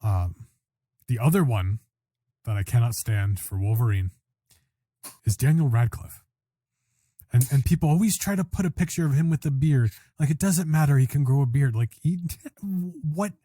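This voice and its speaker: A man's voice: medium pitch, normal speed, pauses often, dark tone, husky, dry recording, clean studio sound. A man co-hosting a casual podcast chat, talking in a chatty, agreeable way with lots of "you know" and "like.". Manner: chatty, filler-heavy, agreeable. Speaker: podcast co-host.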